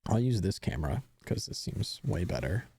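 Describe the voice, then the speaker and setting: A man's voice: low-pitched, very animated, normal speed, vocal fry, dark tone, a little hiss or hum. A young man streaming live, chatting casually and rambling with many fillers and restarts.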